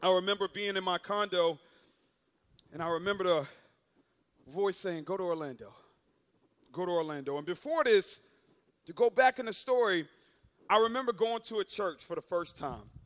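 High, bright-voiced man preaching a story. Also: moderate pace, pauses often. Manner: animated, acts out quotes with sudden loud bursts. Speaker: guest speaker. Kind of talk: storytelling sermon.

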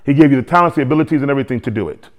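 A man preaching a sermon to a congregation, lively, with joking asides and repeated phrases. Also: medium pitch, racing, muffled recording. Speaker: pastor.

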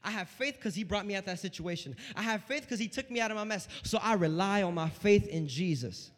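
A man preaching a sermon in a church, animated, dropping to a hush and then rising loud. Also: high-pitched, a little fast, big-room sound. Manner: animated preaching, swinging between hushed and loud.

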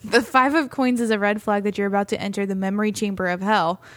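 A woman's voice: mid-range voice, steady tone, fast, no echo. A woman co-hosting a podcast, telling stories in a casual chat, laughing often and reading passages aloud. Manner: giggly storyteller, reads aloud and mimics friends. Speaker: podcast co-host.

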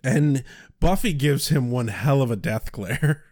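A man's voice: mid-range voice, measured pace, no echo, clean studio sound. A man co-hosting a casual chat, ranting with profanity and acting out quoted voices. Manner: profane, exasperated rants with animated quoted voices. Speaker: podcast co-host.

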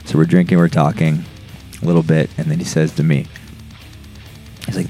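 A man's voice: a bass voice, fairly even intonation, normal speed, gravelly, a little mellow, soft background music. A young man, a guest on a podcast, telling a rambling, profane story with many fillers. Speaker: podcast guest, metal musician. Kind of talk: casual storytelling.

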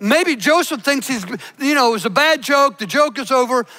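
A man preaching a sermon, emphatic, slowing down to stress key words. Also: very high-pitched, lively intonation, bright, forceful tone. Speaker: pastor. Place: church.

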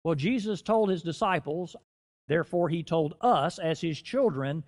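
A middle-aged man preaching a sermon in a church, rising and dropping in loudness and slowing down to stress key phrases. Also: a little high, lively intonation. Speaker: guest preacher.

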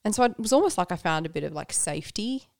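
A woman with a low, gravelly voice talks openly in a relaxed chat about her faith, dropping in fillers and laughs as she goes. The sound is dry and close, with no room around it. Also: fast, no echo. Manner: candid and reflective, with frequent laughs and fillers. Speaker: guest. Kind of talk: casual conversation about faith.

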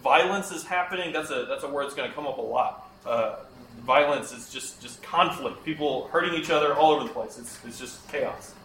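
A man's voice: on the high side, a little fast, hardly any pauses, fairly bright tone, reverberant, slight background noise, poor audio. A man teaching a Bible lesson to a class of children, often asking them questions and repeating their answers.

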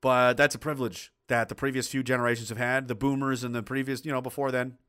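A middle-aged man hosts a casual livestream, reading viewer comments and ranting bluntly and profanely. His bright, forceful, mid-range voice stays level, quick, and smooth, though he rambles, restarts, and erupts in heated outbursts.

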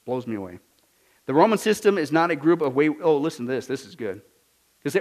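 A man preaching a sermon with emphatic swings between loud declarations and quiet asides, often throwing rhetorical questions to the congregation. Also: on the high side, expressive, fast. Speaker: pastor.

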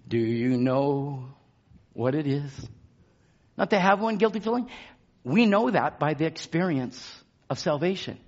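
A man delivers a sermon in a high, unhurried voice, leaning on repeated phrases. He drops to a hush and then rises to shouts. The recording sounds dull and lo-fi. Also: lively intonation. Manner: emphatic, swings from hushed to shouting. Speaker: preacher.

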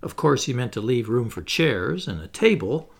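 Guy reading a kids story, husky voice, swoops up and down a lot. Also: medium pitch, very animated, normal speed. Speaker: audiobook narrator. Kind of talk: storybook narration.

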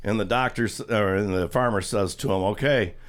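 This radio host talks fairly quickly in a lowish voice, a rambling storyteller who chuckles his way through a long, chatty joke.

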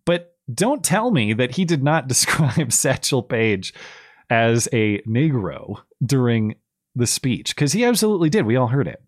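A man's voice: mid-range voice, a little slow, no room sound, clean studio sound. A man hosting a podcast, giving casual, sarcastic political commentary and laughing as he talks. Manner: sarcastic, animated, laughs while talking. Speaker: podcast host.

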